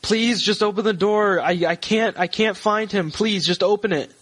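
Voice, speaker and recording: A man's voice: high voice, moderate pace, fairly bright tone, voice pushed up. Man playing a crying young woman, pleading. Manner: pleading, breathless, stammering repeats. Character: distressed crying young woman, about twenty.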